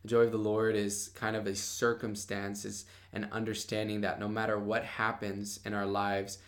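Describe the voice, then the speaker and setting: In casual devotional podcast talk, a young Bible study podcaster speaks about faith in a bold, passionate, relaxed way, leaning heavily on "like." His fairly low voice has a completely flat delivery at a moderate pace.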